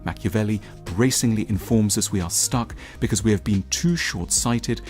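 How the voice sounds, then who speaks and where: Brief: a man with a lowish voice, deliberate and measured. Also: a little mellow, soft background music.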